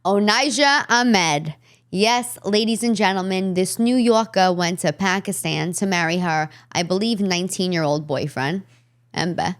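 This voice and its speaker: A woman's voice: fairly low pitch, measured pace. A woman with a New York accent, hosting a podcast in brash, chatty, emphatic talk. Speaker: podcast host. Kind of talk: casual chat.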